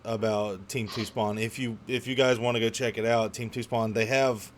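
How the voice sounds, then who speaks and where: A man's voice: fairly low pitch, steady tone, moderate pace, a little hiss or hum. A man hosting a casual gaming podcast, bantering and joking loosely with his guests. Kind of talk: casual chat.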